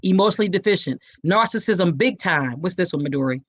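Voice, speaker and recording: A woman's voice: lowish voice, lively intonation, a little fast, dry recording. A woman hosting a live awareness talk, preaching straight to her listeners with passion. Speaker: podcast host and survivor advocate. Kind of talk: live-streamed awareness talk, reading comments.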